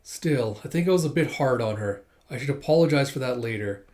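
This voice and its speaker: A man voicing a strict, formal woman high school teacher in a plain reading voice, stiff and lecturing. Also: expressive, a little fast, a little mellow, close to an everyday voice. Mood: stern.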